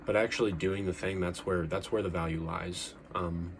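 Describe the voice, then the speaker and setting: Young man, low voice, earnest rambling vlog talk, faint background hum. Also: steady tone, normal speed. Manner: earnest, rambling, frequent restarts and fillers. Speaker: vlogger. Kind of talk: casual talking-head monologue.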